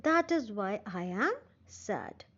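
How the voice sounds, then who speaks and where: A woman's voice: mid-range voice, very animated, takes it slowly, pitched below the performer's own voice. A woman teacher voicing a cunning, thin old male stork who speaks sadly and slyly. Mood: sly, mournful. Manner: sad, sly pleading. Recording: dull lo-fi recording.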